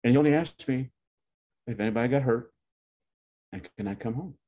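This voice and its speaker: A man in his 70s from Pawnee, Oklahoma, talks fairly quickly in a mid-range voice as he spins a meandering, folksy family story from his own life. He corrects himself as he goes, and the recording sounds dull and lo-fi.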